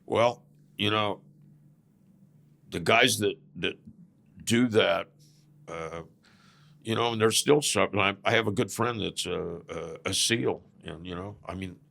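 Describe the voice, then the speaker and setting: A former biker club president, an older Southern Californian, rambles through stories in a casual podcast interview and often says "man." He talks a little slowly in a fairly low, creaky, slightly bright voice, pausing often.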